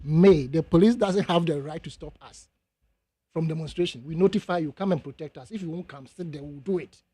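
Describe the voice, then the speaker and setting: Emphatic Ghanaian man, high voice. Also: fairly quick, husky, no room sound. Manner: emphatic, mixes English and Twi, rises to high animated outbursts. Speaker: radio panel guest. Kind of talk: heated radio debate. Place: radio studio.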